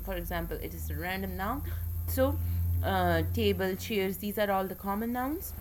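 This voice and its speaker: A woman's voice: medium pitch, a little hiss or hum. Woman teaching a grammar lesson. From Pakistan. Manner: explains step by step with many "uh" pauses. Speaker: English teacher. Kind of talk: recorded grammar lecture.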